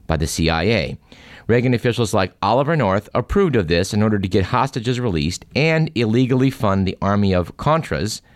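A man's voice: deep voice, no echo. A man hosting a radio show, reading jokes and satire aloud in a dry storytelling delivery.

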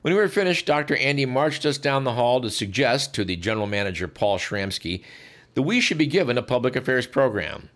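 A male radio host reads a scripted account in a dry, formal manner with wry asides. His voice sits at a middle pitch. The delivery stays measured throughout. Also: sing-song, a bit bright. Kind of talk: scripted narration.

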